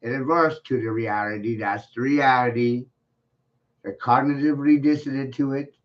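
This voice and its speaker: A man's voice: mid-range voice, steady tone, moderate pace. Profane mocking man ranting, lo-fi. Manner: mocking, swearing, laughs at his own points. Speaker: video blogger. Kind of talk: profane rant to the camera. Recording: dull lo-fi sound.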